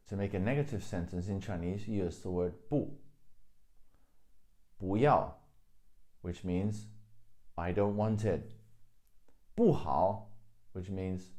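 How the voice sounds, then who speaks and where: A male teacher walks through a grammar lesson at an unhurried, deliberate pace. His voice sits fairly low and has a mellow, dark tone. He is patient and repeats every example so it sinks in. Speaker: language teacher. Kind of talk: explaining grammar in a video lesson.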